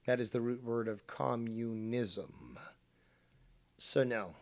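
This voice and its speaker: A man co-hosting a casual chat, sarcastic and mocking, throwing out loud jabs. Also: medium pitch, slow.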